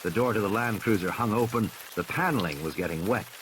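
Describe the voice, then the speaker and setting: A man reading a novel aloud as an audiobook narrator, with expressive, building tension. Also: fairly low pitch, brisk. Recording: rain noise in background.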